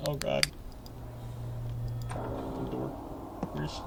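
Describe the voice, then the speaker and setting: A man's voice: fairly high pitch, lively intonation, slow pace, long pauses, heavy background noise. A man playing a horror game and talking through it, jittery and repeating nervous phrases while he speaks to the ghost. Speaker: horror game let's player. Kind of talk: horror game playthrough commentary. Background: loud game music.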